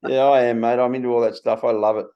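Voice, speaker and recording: An Australian man in his sixties hosting a casual conversation, blunt and animated, swearing freely. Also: medium pitch, fast talker. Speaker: podcast host. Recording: slightly muffled recording.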